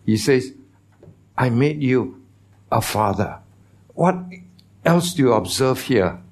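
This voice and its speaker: A man preaching a sermon as pastor, teaching, asking the congregation questions, with non-native phrasing. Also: mid-range voice.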